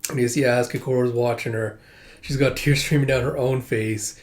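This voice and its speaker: A young man hosts a casual manga read-through, describing each panel as he goes. His voice sits at a middle pitch and he rambles loosely, filling gaps with "like" and "uh". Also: fairly even intonation, moderate pace. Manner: rambling, many fillers and likes.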